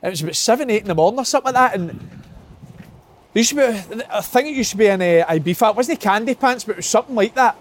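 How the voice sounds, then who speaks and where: A man's voice: sits high, lively intonation, fast talker. A man telling a rambling, swearing party story in casual chat. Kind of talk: casual anecdote.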